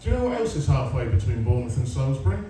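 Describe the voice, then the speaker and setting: This Englishman in his forties does stand-up at a comedy club, sarcastic and sweary, telling stories and bantering with the audience. His mid-range voice is mellow and races along with big pitch swings. Recorded far from the mic in a roomy live venue, with a little hiss or hum, the crowd, and their laughter.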